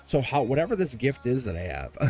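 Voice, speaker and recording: A man's voice: medium pitch, very animated, normal speed, creaky, mellow. A man reading tarot on a livestream, chatting casually, laughing often and rambling through stories where he keeps quoting himself. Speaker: tarot reader. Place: home studio. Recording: faint music behind.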